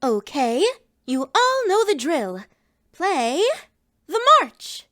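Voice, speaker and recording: A woman's voice: high voice, very animated, very slow, a bit bright, heavily acted. A woman voicing a chipper adult female cartoon duck who co-hosts as an announcer, in a fan audio drama. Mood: bubbly. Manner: bubbly showbiz announcing. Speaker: co-host announcer.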